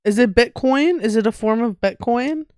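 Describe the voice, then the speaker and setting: A woman's voice: on the high side, moderate pace, a little mellow, smooth, no room sound, studio quality. A young woman, a podcast co-host, chatting casually with her partner in a teasing, blunt way, often giggling. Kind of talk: casual couple chat.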